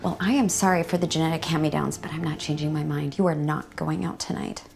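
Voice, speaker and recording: A woman's voice: low voice, steady tone, fast, gravelly, darkish tone. An actress playing a frustrated, sarcastic mother in a film drama. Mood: arguing. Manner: defensive, clipped and sarcastic. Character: frustrated middle-aged mother named Erin. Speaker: actor. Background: film score music.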